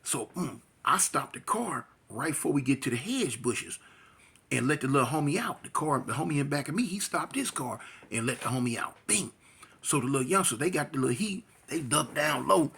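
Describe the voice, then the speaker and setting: Raspy, animated man telling a street story. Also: a little fast. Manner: animated, slangy, sound effects like "boom".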